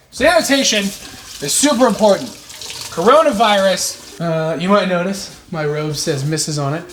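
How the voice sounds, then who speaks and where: A young man talks through a recipe in his kitchen, his voice sitting a touch high for a man. He keeps it loose and irreverent, swearing freely and cracking jokes at his own expense. A faint noise hums under the recording. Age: 20s. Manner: joking, profane, self-mocking. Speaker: cooking vlog host. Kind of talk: casual cooking tutorial. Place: home kitchen.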